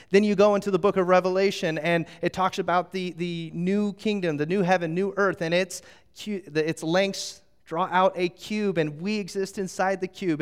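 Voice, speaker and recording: A middle-aged man preaching a sermon as a pastor, animated and storytelling, drawing the audience into a little game. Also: high voice, clear, resonant tone. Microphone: handheld microphone.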